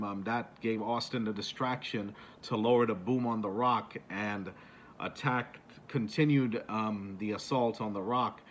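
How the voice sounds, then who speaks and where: A man's voice: mid-range voice, a little hiss or hum. A man casually retelling moments for a countdown video, rambling with many fillers and restarts. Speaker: YouTuber.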